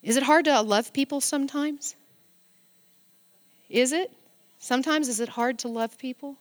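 A middle-aged woman preaching a sermon in a church and reading scripture. She speaks straight to her congregation with affection, and swings from loud exclamations down to soft near-whispers. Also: high voice, normal speed, in a large hall.

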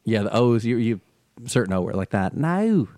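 A man's voice: fairly low pitch, brisk, no echo, clean studio sound. A man from New Jersey with a New Jersey accent, hosting a podcast in casual chat and laughing often. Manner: laughs often, animated storyteller. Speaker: podcast host.

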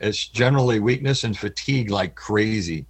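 A middle-aged man giving an interview, speaking in an earnest, halting way with frequent pauses, his voice cracking with emotion. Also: fairly low pitch, animated, breathy edge. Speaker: interview guest. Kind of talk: candid personal interview.

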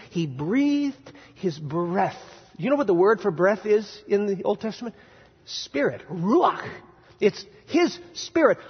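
High-voiced, husky male preacher in a reverberant hall. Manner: animated, asks the congregation rhetorical questions with playful sarcasm. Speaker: pastor. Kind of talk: sermon. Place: church sanctuary. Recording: dull, reverberant church hall recording.

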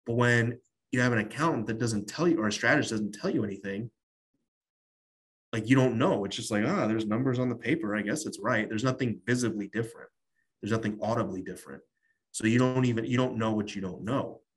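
A man with a fairly low, husky voice, talking as a guest on an interview. He explains his work in a relaxed, rambling way, with plenty of "you know" and "like" along the way. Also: brisk. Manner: loose storytelling with many fillers. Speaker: guest tax strategist. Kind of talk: casual interview talk.

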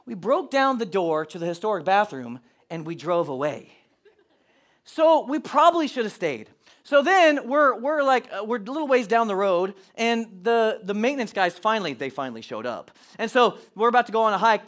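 A middle-aged pastor telling a family story in a sermon, animated and acting out the quotes. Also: male voice, high voice, fairly quick.

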